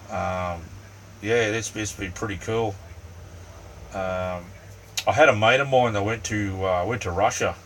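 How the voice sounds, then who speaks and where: A middle-aged Australian livestream host chats casually with viewers from inside a small camper van, rambling easily with plenty of ums and "mate." His voice runs low and slightly bright. A distant mic picks him up along with the faint hum of a running fan.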